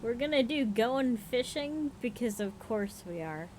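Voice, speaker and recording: A woman's voice: a little high, expressive, measured pace, a little mellow, a little hiss or hum, rough recording. A woman hosting a livestream, reading spooky stories aloud and breaking off for frank, profane chat while she has the hiccups and feels tired. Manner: frank and profane, with laughing asides. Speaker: livestream host.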